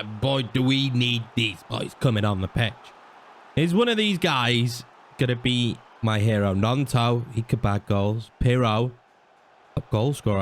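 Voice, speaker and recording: A young man commentating his own football video game career mode, reacting loudly to saves and misses. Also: medium pitch. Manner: excitable, swings between groans and shouts at the play. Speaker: gaming YouTuber.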